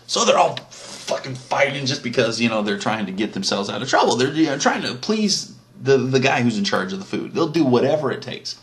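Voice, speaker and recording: A man's voice: mid-range voice, big pitch swings, fairly quick. A man telling an old story as a casual, crude comedic retelling, full of swearing and asides. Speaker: comic storyteller.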